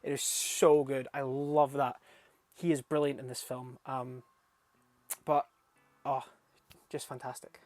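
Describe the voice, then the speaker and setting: A young man rambles through a film review at an ordinary middle pitch. He swears freely and gets animated and laughs when something tickles him. Faint music plays quietly behind him. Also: slow, long pauses, dry recording. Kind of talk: casual film review vlog.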